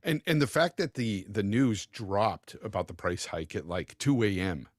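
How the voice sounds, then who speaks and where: A man's voice: fairly low pitch, moderate pace, no echo, clean studio sound. A man co-hosting a casual gaming podcast, rambling and repeating himself, with a casual swear now and then. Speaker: podcast co-host.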